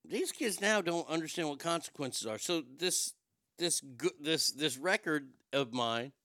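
A middle-aged man telling a long personal story in a profane, wisecracking way, with quick asides and voices for the people in it. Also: on the high side, animated, bright, forceful tone, no room sound, studio quality. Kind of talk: casual storytelling monologue.

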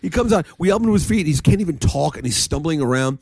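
A man's voice: a little high, fast talker, vocal fry, slightly rough, dry recording. A man telling a long rambling story in casual chat, laughing often and swearing. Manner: rambling, animated storyteller with frequent laughs and profanity.

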